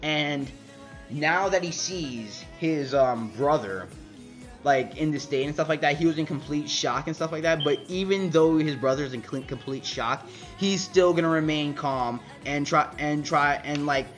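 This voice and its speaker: A man's voice: fairly high pitch, unhurried, faint music behind. Rambling man recapping a comic chapter. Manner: rambling, many fillers and restarts. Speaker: manga reviewer.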